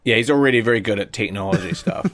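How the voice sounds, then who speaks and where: A man's voice: mid-range voice, expressive, fast talker, fairly bright tone, no room sound. A man co-hosting a comedy podcast in easygoing, playful improvised chat. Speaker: podcast co-host.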